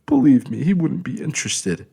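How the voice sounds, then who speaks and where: A man's voice: wildly swooping pitch, normal speed, vocal fry, mellow, slightly rough, exaggerated voice. A man voicing a proud, sulky young woman who is crying and wailing her words. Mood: tearful. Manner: wailing, high-strung outbursts.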